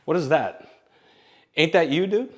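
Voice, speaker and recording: A man's voice: a little high, lively intonation, a little slow, slight background noise, voice pushed up. A man voicing his older grandmother, insistent and coaxing as she pushes him to try something. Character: older grandmother, pushy and encouraging.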